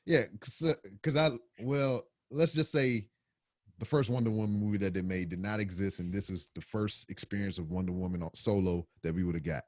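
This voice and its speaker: A man's voice: on the low side, fairly quick, no room sound. A middle-aged man, a guest on a podcast, chatting in a laid-back way and swearing casually.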